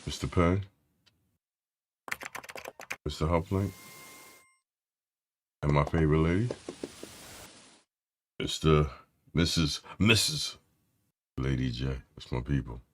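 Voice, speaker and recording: A man's voice: a bass voice, unhurried, pauses often, darkish tone, a little hiss or hum. A man hosting a casual tech live stream, loose and slangy, greeting his chat by name. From Philadelphia area.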